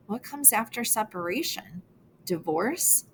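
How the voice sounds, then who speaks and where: A woman's voice: mid-range voice, animated, moderate pace, a bit bright, slight background noise. A woman reading a novel aloud in the first person, earnest and emotional, as a teenage girl telling her own story. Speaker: audiobook narrator.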